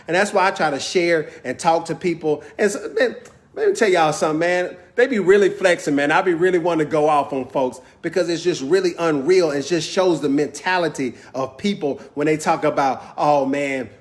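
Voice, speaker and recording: Man, high-pitched voice, AAVE, heated, preachy, slangy, repeats himself for emphasis. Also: a little fast. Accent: African American Vernacular English. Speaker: video host. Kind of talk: impassioned monologue.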